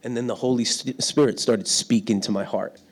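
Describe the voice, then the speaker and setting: A man's voice: medium pitch, steady tone, a little fast. A middle-aged man preaching a sermon in a church hall, telling stories about himself and laughing often. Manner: storytelling, self-deprecating, laughs often. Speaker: pastor. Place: church hall without windows.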